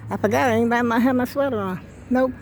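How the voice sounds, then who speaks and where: A woman's voice: on the high side, fairly quick, a little hiss or hum. An older woman chatting casually to her viewers in a rambling home vlog, trailing off mid-sentence and calling them y'all, recorded on a handheld phone. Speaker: vlogger. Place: at home, indoors. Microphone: handheld phone camera.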